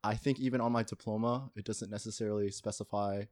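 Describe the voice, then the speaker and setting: A man's voice: fairly low pitch, fairly even intonation, fast, darkish tone. A young man, a university student, talking casually and thoughtfully as a podcast guest, often hedging. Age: young adult. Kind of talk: casual chat.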